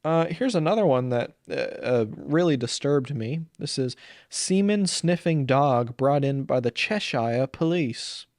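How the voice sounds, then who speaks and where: A man's voice: medium pitch, expressive, a little slow, a little mellow, dry recording, clean studio sound. A young man, hosting a crude, rambling comedy podcast, filled with ums, who slips into silly voices for jokes. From Saint Paul, Minnesota. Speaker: podcast host. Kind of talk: comedic solo podcast rant.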